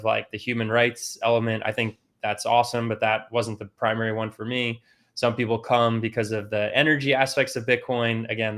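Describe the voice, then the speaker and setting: A man's voice: mid-range voice, a bit bright. A man hosting a casual panel discussion, conversational and steering the talk to his co-hosts. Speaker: podcast host.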